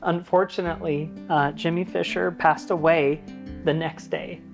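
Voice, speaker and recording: A man's voice: fairly high pitch, little pitch movement, moderate pace, creaky, soft background music. A man talking casually to his viewers, chatty and earnest, telling stories with plenty of fillers. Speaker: vlogger giving an office tour. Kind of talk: casual tour chat to camera.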